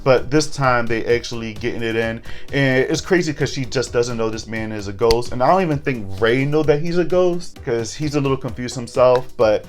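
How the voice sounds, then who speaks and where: A man's voice: medium pitch, normal speed, hardly any pauses, soft background music. A young adult man chatting candidly through a casual recap, with joking asides. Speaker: horror TV recap vlogger.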